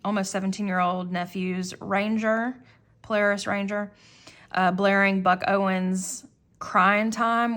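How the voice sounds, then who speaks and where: A woman's voice: medium pitch, a bit bright. A woman in her thirties chatting casually as she flips through her planner, rambling and self-deprecating, with frequent restarts and fillers. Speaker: planner vlogger.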